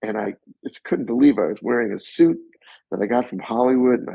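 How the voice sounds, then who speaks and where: A man being interviewed as a guest actor, telling animated stories and acting out other people's voices. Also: mid-range voice, brisk, vocal fry, breathy edge, dry recording. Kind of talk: anecdotal storytelling. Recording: slightly muffled recording.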